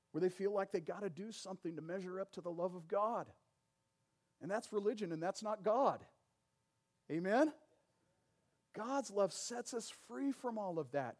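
Male pastor in his sermon, a bit high-pitched, chatty delivery that climbs to loud emphatic peaks. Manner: conversational preaching with frequent call-and-response "amen" and "right".

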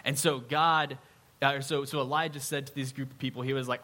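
A man's voice: medium pitch, steady tone, a little fast, sharp tone. Conversational man preaching a casual sermon. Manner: conversational, often adds a questioning "right?".

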